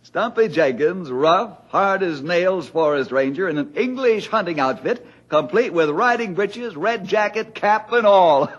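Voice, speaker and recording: A calm, reassuring ranger. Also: male voice, sits high, unhurried. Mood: amused. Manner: steady, reassuring, friendly. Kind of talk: 1950s radio drama acting. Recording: dull lo-fi old radio recording.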